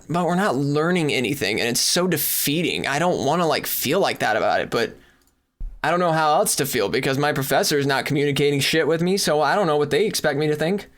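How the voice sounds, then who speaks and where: A young adult podcast co-host with a fairly high, slightly bright voice complains in exasperation. His casual rant is laced with heavy swearing, and now and then he's far from the microphone.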